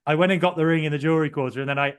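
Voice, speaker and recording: Young guy rambling through a story, lots of uhs, kinda high voice. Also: fairly even intonation, rapid-fire, clear, resonant tone. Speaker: podcast co-host. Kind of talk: casual podcast chat.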